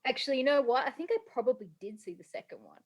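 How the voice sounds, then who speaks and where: A woman's voice: high voice, rapid-fire, crowd noise. A woman co-hosting a podcast, dropping wry, laughing asides about films. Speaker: podcast co-host. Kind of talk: casual film-review chat.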